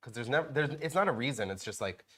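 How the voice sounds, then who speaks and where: A man's voice: mid-range voice, animated, quick pace, a bit bright, breathy edge. A man co-hosting a casual morning show, chatty and rambling with lots of fillers. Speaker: co-host.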